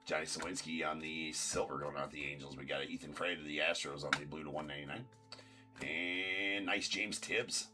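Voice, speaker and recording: A man's voice: a bass voice, fairly even intonation, moderate pace, music in the background. A man hosting a live card break stream, calling out pulled cards and bantering with viewers in chat.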